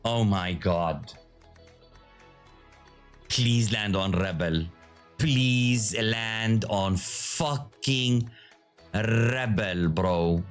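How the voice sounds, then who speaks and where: A man hosting his own video, giving casual live commentary to his viewers in an excitable, profane, teasing way. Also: fairly low pitch, very slow, pauses often, faint music behind. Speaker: video host.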